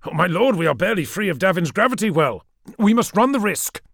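A man's voice: high voice, lively intonation, a little fast, vocal fry, a bit bright, no room sound, clean studio sound, voice pushed up, full character voice. A man doing an anxious loyal warrior aide. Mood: urgent.

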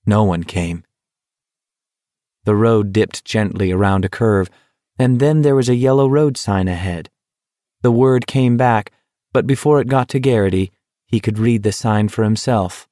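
Low-voiced male audiobook narrator. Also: warm tone, no echo, clean studio sound. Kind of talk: scripted narration.

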